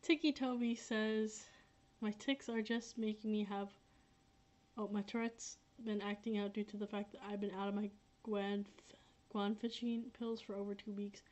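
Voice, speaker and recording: A woman's voice: medium pitch, level tone, normal speed, a little mellow. Rambling young woman on a dull livestream mic. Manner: rambling, filler-heavy, repeats herself. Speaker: livestreaming creator. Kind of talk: casual livestream chat reading comments.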